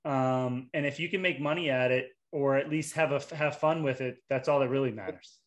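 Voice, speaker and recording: A man hosting a casual interview, rambling with many restarts and fillers. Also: mid-range voice. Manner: rambling, halting with repeated restarts. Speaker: interview host.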